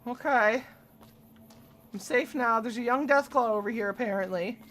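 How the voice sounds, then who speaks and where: A young woman streaming herself playing a video game, excitable and swearing freely as she talks to the enemies on screen. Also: on the high side, moderate pace, slight background noise. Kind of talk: casual gameplay commentary.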